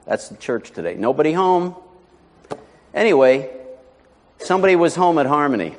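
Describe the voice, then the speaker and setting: A man's voice: on the high side, big pitch swings, fairly quick, slight background noise. A man preaching a sermon as pastor, telling a folksy story with asides before rising to emphatic preaching. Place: church sanctuary. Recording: long hall reverb.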